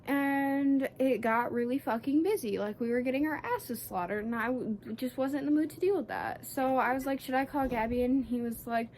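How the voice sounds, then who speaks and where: A woman's voice: fairly high pitch, a little fast, hardly any pauses, a little mellow, a little hiss or hum. A sixteen-year-old girl telling a story in a chatty, casual vlog, fired up and swearing freely. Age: teens. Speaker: vlogger.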